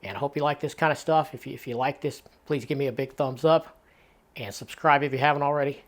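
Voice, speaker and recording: Middle-aged male comic reviewer, mid-pitched, easygoing, chatty with fillers. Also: fast talker. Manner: relaxed and chatty, with frequent fillers and chuckles. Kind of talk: casual comic review chat.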